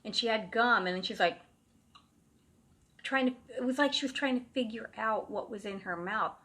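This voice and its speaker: A woman's voice: a little high, moderate pace, bright, forceful tone. A woman telling a true ghost story in a casual, rambling way, full of fillers and restarts. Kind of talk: casual first-person storytelling.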